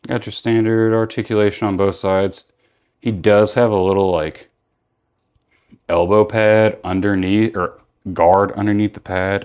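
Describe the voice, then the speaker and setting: A man with a slightly low voice talks through a toy unboxing in a loose, rambling way. He sounds tired, filling gaps with "like" and correcting himself as he goes. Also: a little mellow, smooth. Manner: rambling, filler-heavy, self-correcting. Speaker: toy reviewer. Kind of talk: casual unboxing vlog.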